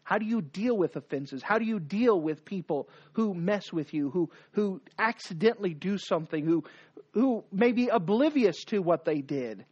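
A preacher with a darkish, husky voice and lively intonation speaks at normal speed, his pitch rising and falling sharply. He hammers the audience with rhetorical questions and repeated commands, captured in dull, lo-fi sound.

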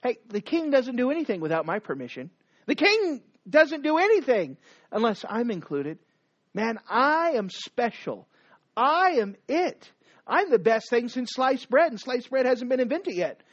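A man's voice: extremely high pitch, sing-song, a little slow, no room sound, lo-fi sound, full character voice. A man putting on a boastful ancient official. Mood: bragging. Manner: bragging, shouting in bursts. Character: boastful, hateful ancient male royal official.

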